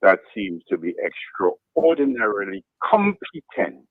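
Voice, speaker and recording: A man on a radio talk show, speaking in a deliberate way and walking the other speaker through a chain of leading questions. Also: lowish voice, very animated, breathy edge, no room sound, narrow, tinny audio.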